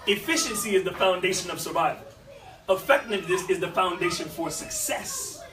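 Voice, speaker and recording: Brief: a high-pitched New man with a lively, folksy preaching style, recorded from a distance in an echoey room. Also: a little fast, background noise. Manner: animated, folksy, with vernacular asides and repeats. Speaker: speaker at a youth life-skills session. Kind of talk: motivational talk with preaching flavor.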